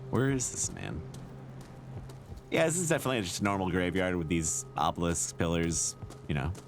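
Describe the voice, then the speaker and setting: Laid-back deep-voiced male streamer. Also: very animated, moderate pace, faint music behind. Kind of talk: casual gameplay commentary.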